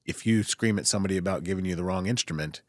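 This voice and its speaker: A man with a low voice speaks as a surgeon in relaxed podcast conversation. He sounds calm and reflective, circling back to rephrase his points. The sound is dry and close, with no room echo. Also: rapid-fire. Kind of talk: casual podcast chat.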